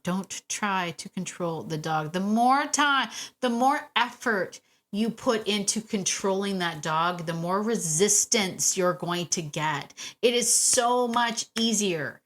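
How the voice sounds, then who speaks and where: A woman hosting a solo podcast about dog training, chatty and warm, laughing often and repeating phrases for emphasis. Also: mid-range voice. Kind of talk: casual solo podcast talk.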